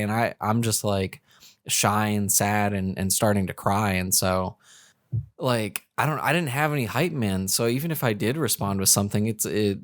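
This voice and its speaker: A young man with a fairly low voice tells a story on a podcast, loose and rambling, full of fillers and false starts. The recording is dry, with no room sound. He talks casually as a co-host. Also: normal speed, no echo. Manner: rambling, many fillers and restarts.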